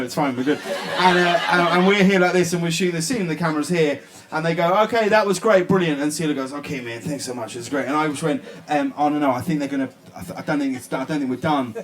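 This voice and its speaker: A man telling an animated story at a live event, mimicking the people in it and laughing along. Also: a little high. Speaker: actor and panel guest. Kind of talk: animated anecdote with acted-out voices. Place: live stage event with an audience.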